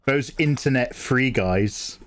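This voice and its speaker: A man's voice: mid-range voice, slow, a little hiss or hum. A man chatting loosely on a drawing livestream, swearing, joking and greeting chat by name. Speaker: streamer and artist.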